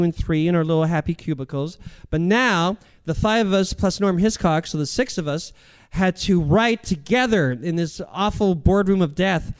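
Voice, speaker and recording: Smooth-voiced comedian telling stories. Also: male voice, sits high, a little mellow. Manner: rambling, self-deprecating storyteller. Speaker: comedian guest. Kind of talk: casual anecdotal interview.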